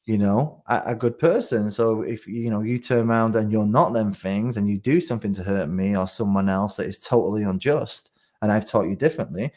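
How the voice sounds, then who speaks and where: A middle-aged man talking as a guest on a casual podcast, reflective and halting, restarting his phrases. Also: lowish voice, a little mellow.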